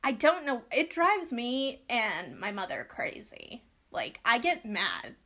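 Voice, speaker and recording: A young woman co-hosting a podcast, chatting casually and ranting in animated bursts with quick asides. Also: a little high. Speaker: podcast co-host. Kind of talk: casual chat.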